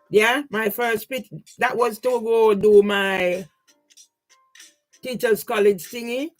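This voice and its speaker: A fairly bright, mid-range voice comes through a rough recording as an older woman vlogger talks casually through her personal photos. Rambling and aggrieved in her grief, she repeatedly asks the listener "yeah?"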